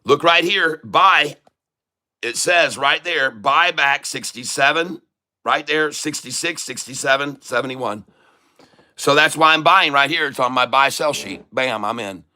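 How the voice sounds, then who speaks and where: A man hosting a live day-trading stream from home, talking loudly and joking as he reads out his buy and sell numbers. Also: medium pitch, a little slow. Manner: loud, chatty, jokey. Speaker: host.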